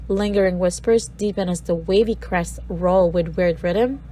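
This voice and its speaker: A woman's voice: fairly low pitch, unhurried, mellow, rough recording. A woman from the Philippines presenting a recorded literature lesson, reading a poem aloud and breaking down its sounds word by word.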